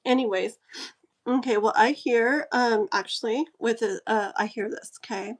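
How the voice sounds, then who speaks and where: Woman live-stream host, casual card-reading chat, giggly and effusive, higher pitch. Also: normal speed. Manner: giggly, gushing and easily excited.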